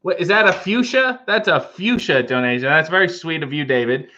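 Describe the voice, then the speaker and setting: A man's voice: on the high side, expressive, brisk, pushed and bright, dull audio. A man hosting a casual livestream, making coffee and reading out viewer comments with playful, wry asides. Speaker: livestream host reading chat.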